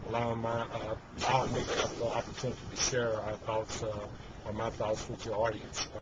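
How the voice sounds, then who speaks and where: A man who leads a community organization, answering an interview in a formal, measured way. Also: medium pitch, completely flat delivery, heavy background noise.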